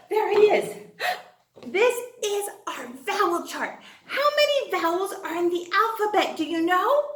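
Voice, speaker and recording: A woman's voice: very high-pitched, a bit bright, reverberant. A woman teaching a phonics class to young children in a cheerful, exaggerated sing-song manner, gasping before she gives each answer.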